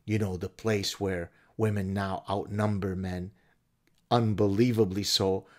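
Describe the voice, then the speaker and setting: A man's voice: deep voice, fairly even intonation, a little slow. A man hosting a commentary show, reading aloud with sarcastic, mocking asides. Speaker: host.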